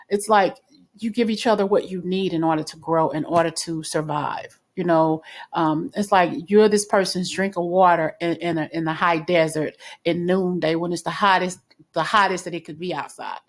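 A woman's voice: lowish voice, steady tone, normal speed. A woman giving a casual spoken tarot reading in a chatty, reassuring way, with frequent fillers and restarts. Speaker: tarot reader.

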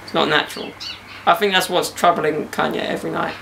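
A young man chats loosely and jokily on his podcast, dropping slang as he goes. His voice sits a little high and has a gravelly, creaky edge. Faint outdoor hiss runs underneath. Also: steady tone, a little fast, pushed and bright. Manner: joking banter with slang. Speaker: podcast host. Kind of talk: casual podcast chat. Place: outdoors in a garden.

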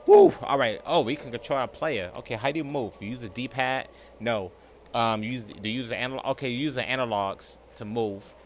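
A man's voice: mid-range voice, a little fast, a little hiss or hum. A man in his thirties hosting a horror let's play, hyped and slangy, joking with his viewers. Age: 30s. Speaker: gaming channel host.

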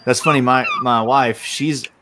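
A man's voice: mid-range voice, fairly even intonation, a little slow, noisy background. A man chatting as a guest on a board game stream, wry and self-deprecating. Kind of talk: casual chat during a board game stream.

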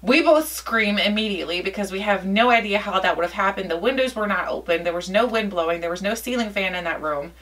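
A woman telling a personal story on her channel, chatty and lively, voicing the people in it as she goes. Her voice is bright and forceful, with a middle pitch. It is picked up from a little way off the mic, as if from a camera across the room. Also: fast, hardly any pauses, distant mic, low-quality recording. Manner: chatty, lively retelling with quoted dialogue. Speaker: vlogger. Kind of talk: casual storytelling.

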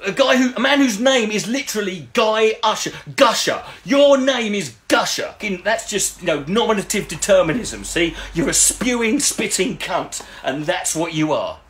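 A man's voice: high voice, animated, normal speed, few pauses, fairly bright tone. A man doing sarcastic, sweary commentary on comments he reads out, rambling and restarting as he mocks them. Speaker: YouTube commentator.

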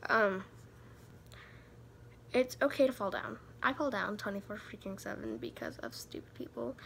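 Teenage girl, vlogger, high voice, rambling, giddy, self-mocking, casual advice. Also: animated, a little fast, fairly bright tone, a little hiss or hum.

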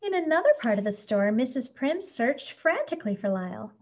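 A woman's voice: a little high, brisk. Woman reading a picture book aloud. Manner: gentle, expressive read-aloud. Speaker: storyteller. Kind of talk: scripted storybook narration. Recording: dull lo-fi recording.

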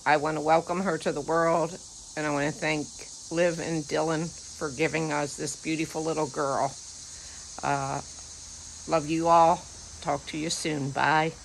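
Soft, gravelly low-voiced woman. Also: level tone, unhurried, a little hiss or hum, low-quality recording. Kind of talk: personal video message.

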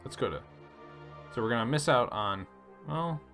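Gravelly, lively man narrating gameplay. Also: medium pitch, moderate pace, soft background music. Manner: relaxed, reads story text then chats about choices. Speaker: let's play host. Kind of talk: casual gameplay commentary reading game text aloud.

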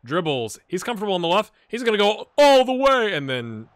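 A man casually commentating his own football video game, excitable and wry, jumping from loud cheering to quiet muttering. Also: high voice, brisk, dry recording. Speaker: gaming channel host.

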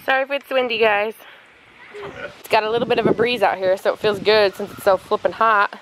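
A woman's voice: mid-range voice, steady tone, fairly quick. A young woman and mother chatting casually in a family vlog at home and in the backyard, playful and sing-song with her toddler. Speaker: vlogger, mother. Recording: noisy home video with breeze.

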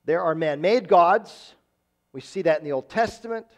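A pastor preaching a sermon, stressing points by repeating phrases and reading verses aloud. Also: male voice, fairly high pitch, moderate pace. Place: church.

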